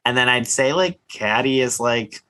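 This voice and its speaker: A man co-hosting a casual podcast, recapping reality TV and acting out quotes in high, mocking voices. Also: animated, normal speed, sharp tone. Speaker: podcast co-host.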